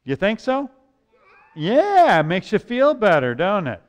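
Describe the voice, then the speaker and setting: A man's voice: high-pitched, a little slow. Playful man leading a children's message. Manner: playful and animated, singing and acting out moods for kids. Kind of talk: children's sermon with singing. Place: church sanctuary.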